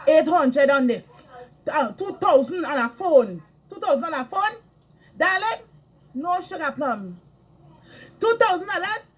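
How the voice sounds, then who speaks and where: A woman's voice: very high-pitched, a bit bright. A middle-aged woman, delivering an impassioned moral lecture as a spiritual speaker, scolding and emphatic, repeating her phrases for weight.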